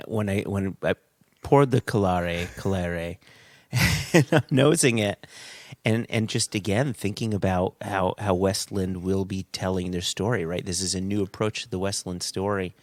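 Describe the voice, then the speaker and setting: A middle-aged man co-hosting a casual podcast, his voice sitting on the low side and recorded dry and close. He tells stories in an animated way and laughs easily at his own expense. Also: moderate pace, no echo. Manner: animated storyteller, laughs at himself. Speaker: podcast co-host.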